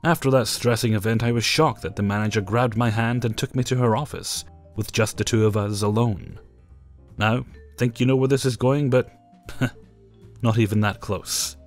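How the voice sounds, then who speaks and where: A man's voice: mid-range voice, fairly even intonation, moderate pace, soft background music. A man narrating personal stories in a wry, matter-of-fact way. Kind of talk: storytelling narration.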